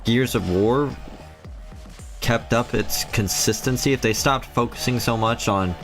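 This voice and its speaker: A man's voice: medium pitch, measured pace, a bit bright, soft background music. A man from the Philippines, chatting casually on a live game stream and answering chat.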